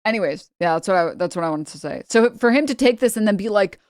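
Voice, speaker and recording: A woman's voice: medium pitch, animated, fast talker, hardly any pauses, darkish tone, no echo, clean studio sound. A woman from New York, a streamer giving casual reaction commentary, rambling and repeating her points for emphasis.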